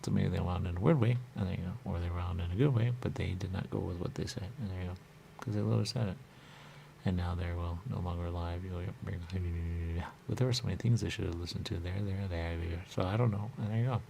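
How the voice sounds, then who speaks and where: A man with a very low, gravelly voice rambles through a loose monologue, circling back to the same catchphrases again and again. A faint hiss of noise sits under his voice. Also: fast, dark tone. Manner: repetitive, rambling, repeats catchphrases. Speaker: radio show host.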